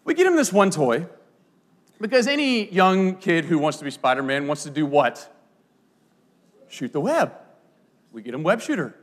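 A man in his thirties delivers a sermon in a bright, high voice that swings widely up and down. He tells funny stories from his own life in a lively, playful way, full of asides to his listeners. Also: normal speed, long pauses. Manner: animated, playful storyteller with frequent asides. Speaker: pastor. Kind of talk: sermon with storytelling.

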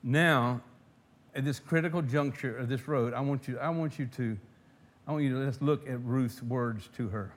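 A pastor preaches to his congregation in a mid-range voice at an ordinary pace. He grows loud and forceful while reading scripture, then sinks into quiet asides, frequently restarting and repeating his words.

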